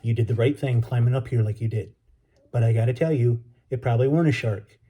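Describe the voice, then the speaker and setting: A man voicing a kindly, gruff Marine who talks in folksy slang to calm a scared boy. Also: mid-range voice, quick pace, lightly acted. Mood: reassuring. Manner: folksy, reassuring, drawling slang.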